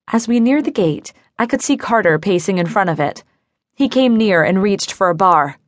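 A woman reading a novel aloud in first person, in a measured, even storytelling manner, close to the mic. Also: mid-range voice, no echo. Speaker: audiobook narrator. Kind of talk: first-person scripted narration.

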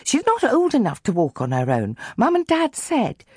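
Easygoing big brother, woman putting him on, shruggy, lively voice. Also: on the high side, normal speed, breathy edge, dry recording, clean studio sound, voice pushed up, exaggerated voice. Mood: offhand. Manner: breezy, shrugging. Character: cheerful older brother, offhand.

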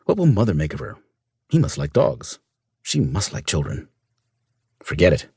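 Man reading an audiobook first person, low husky voice, lively ups and downs, dry booth sound. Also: moderate pace, no echo. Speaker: audiobook narrator.

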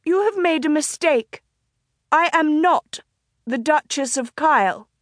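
Dignified young lady read by a woman narrator, clear and firm, pitched a little higher than the narration, dry close read. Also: measured pace, fairly bright tone, no echo. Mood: defiant. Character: young noblewoman captive, proud and defiant.

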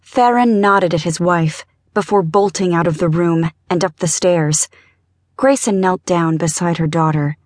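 A woman's voice: lowish voice, a little slow, no echo. Woman narrating an audiobook, dry. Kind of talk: scripted narration.

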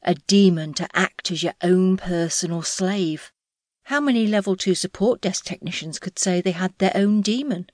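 Woman audiobook narrator, wry comic delivery, lowish voice, dry close recording. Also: a little mellow, no echo.

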